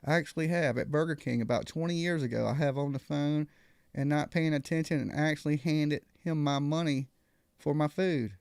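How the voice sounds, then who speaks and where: A man's voice: on the high side, moderate pace, creaky, darkish tone, clear, resonant tone, no room sound, clean studio sound. A man hosting a live call-in show, telling a story casually and acting out other people's lines.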